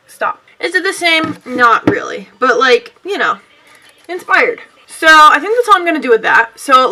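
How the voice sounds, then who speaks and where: Young woman doing a chatty makeup vlog, kinda high bright voice, rambly and goofy about herself. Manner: rambling, bubbly, self-mocking. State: sweaty and out of breath. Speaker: beauty vlogger.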